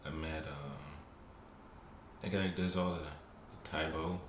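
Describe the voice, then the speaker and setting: Easygoing guest guy, really low voice, bit of room echo and faint hiss. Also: fairly even intonation, measured pace. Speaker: podcast guest. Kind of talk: casual chat. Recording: roomy sound with faint background noise.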